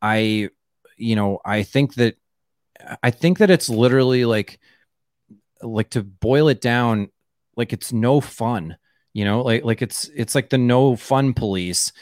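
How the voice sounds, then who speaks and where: A man's voice: medium pitch, measured pace, darkish tone, dry recording, clean studio sound. A man, a comedian guest on a casual podcast, rambling, full of "like" and restarts.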